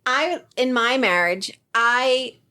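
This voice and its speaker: A woman's voice: a little high, slow, bright, forceful tone. A woman from New Jersey co-hosting a podcast, chatty, sarcastic and self-mocking. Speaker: podcast co-host. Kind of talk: casual podcast chat.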